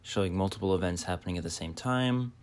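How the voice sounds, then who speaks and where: A young man, a film student, narrating a video essay in a measured way with filler sounds. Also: low voice. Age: young adult.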